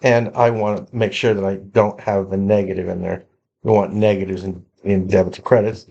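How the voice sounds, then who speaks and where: A man's voice: low voice, little pitch movement, brisk, vocal fry, mellow, highs cut off. A man teaching an accounting lesson, explaining spreadsheet entries in a conversational way with frequent repeats and restarts. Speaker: accounting instructor. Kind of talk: screen-recorded lecture walkthrough.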